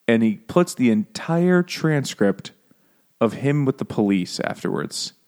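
A man co-hosting a comedic book podcast, talking casually and acting out quoted lines with sudden jumps in his voice. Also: unhurried. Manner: animated, acts out quotes in jumps of pitch. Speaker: podcast co-host.

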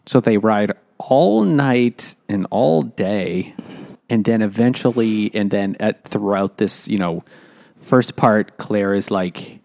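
A man's voice: lowish voice, moderate pace, darkish tone. A man co-hosting a casual book podcast, rambling through plot recaps and acting out quotes. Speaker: podcast co-host. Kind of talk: casual book-club chat.

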